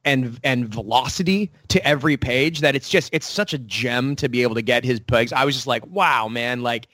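A man who writes comic books, talking casually in an interview, animated and full of quick restarts and acted-out quotes. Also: medium pitch, no echo.

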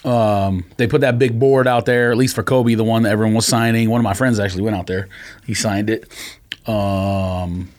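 A man's voice: fairly low pitch, normal speed. A man co-hosting a podcast in casual chat, chatty and jumping from topic to topic. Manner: animated, chatty, jumps between topics. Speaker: podcast co-host.

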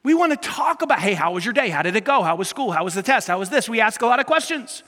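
A male pastor preaching an animated, emphatic sermon to a congregation, acting out the people he quotes. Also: high-pitched, fast talker, big-room sound. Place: church auditorium with a live congregation.

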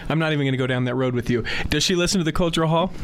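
Joking, higher-voiced podcast host. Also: male voice, racing, slight background noise. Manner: joking, laughs often. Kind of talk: casual podcast chat.

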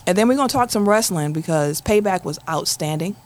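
A woman's voice: fairly low pitch, brisk. A woman co-hosting a casual sports podcast, drawling and addressing listeners as y'all. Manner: relaxed, drawling, talks to the audience as "y'all". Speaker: podcast co-host.

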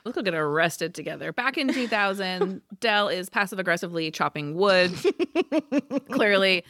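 Co-hosting a podcast, this woman gives a relaxed rundown of a TV episode and performs the quoted lines herself. She has a lowish, slightly bright voice, speaks at a moderate pace, and sounds animated on a dry recording.

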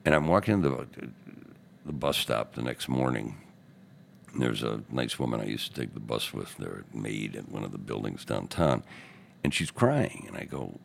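A very low, gravelly older man from Chicago holds court in a podcast booth. His pitch swoops widely as he acts out the people in his stories. He is a seasoned newspaperman telling tales to his hosts. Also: normal speed, slight background noise. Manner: animated anecdotes, acting out quotes in other voices. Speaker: newspaperman and radio host, podcast guest. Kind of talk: casual storytelling interview.

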